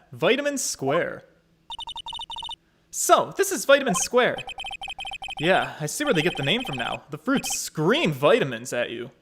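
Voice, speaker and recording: A man's voice: high voice, fairly bright tone, a little hiss or hum. A man giving playful, joking commentary while playing and reading a game. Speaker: let's play streamer. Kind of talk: casual gameplay commentary. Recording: game music behind voice.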